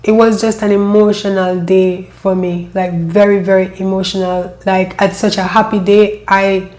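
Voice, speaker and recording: A woman with a lilt recounts her own life story in a steady, level voice that rarely rises or falls. She sounds emotional and halting, circling back to repeat her words as she talks. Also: medium pitch. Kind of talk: personal storytelling.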